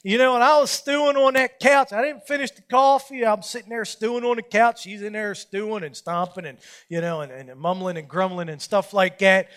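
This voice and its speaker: A man preaching at a Bible study, telling a story from his own marriage in a folksy, self-mocking way and getting animated as he acts out the scenes. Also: high voice, fairly quick, few pauses. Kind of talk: storytelling sermon.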